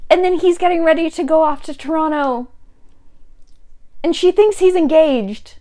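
A young woman with a high, bright-toned voice retells a story to her co-host in a loose, chatty way. She talks animatedly and a little breathlessly, with lots of "like" in her sentences. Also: moderate pace. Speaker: podcast co-host. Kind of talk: casual chat retelling a story.

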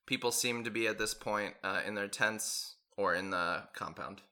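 A man running a tabletop game, his voice very bright and forward, sitting a little low in pitch. He narrates loosely, full of fillers, and laughs often. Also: normal speed. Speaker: game master.

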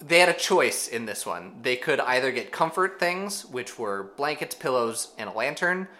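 A man co-hosting a podcast, recapping an episode in casual chat with animated storytelling. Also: medium pitch, a little hiss or hum. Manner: animated storytelling with quick asides. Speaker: podcast co-host.

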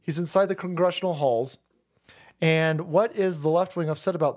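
Man, mocking rant, fairly high voice, pitch swings all over. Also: animated, moderate pace. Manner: mocking, swearing, laughing, swings loud and low. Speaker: political commentary streamer. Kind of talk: profane ranting commentary.

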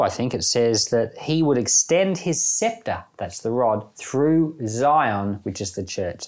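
An earnest male pastor reads scripture aloud and then talks it through in plain, informal commentary. His pitch rises and falls in a lively, animated way. He keeps an unhurried pace and chuckles lightly now and then.

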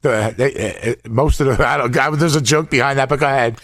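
A man's voice: medium pitch, a bit bright, dry recording. A man co-hosting a political talk show, chiming in agreeably and often stammering through restarts. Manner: halting, stammering, agreeable interjections. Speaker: co-host.

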